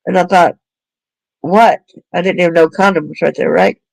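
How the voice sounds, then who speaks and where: A woman's voice: on the low side, steady tone, fast talker, creaky, no room sound, low-quality recording. A woman speaking earnestly to parents about protecting children, in a plain-spoken way with fillers and restarts. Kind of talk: personal talk to parents.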